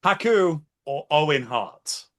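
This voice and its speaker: A man running a quick-fire quiz segment, playful and punchy. His voice sits high. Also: expressive. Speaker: segment host. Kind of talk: quiz game hosting.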